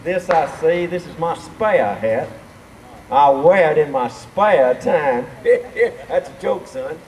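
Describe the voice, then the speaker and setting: A man playing a pompous old Southern senator with a Southern accent, booming and repeating himself. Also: expressive, takes it slowly, darkish tone. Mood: blustering. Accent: American Southern. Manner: booming, pompous, repeats "I say", laughs at own jokes. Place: front porch and lawn outdoors. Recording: distant camcorder mic, noisy outdoors.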